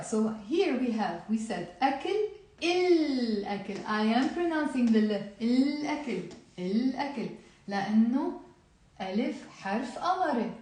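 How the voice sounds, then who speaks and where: A woman's voice: on the high side, a little mellow. A woman with a Lebanese accent teaching a live online language lesson, drilling words aloud and quizzing the chat. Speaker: Arabic teacher. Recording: very echoey room.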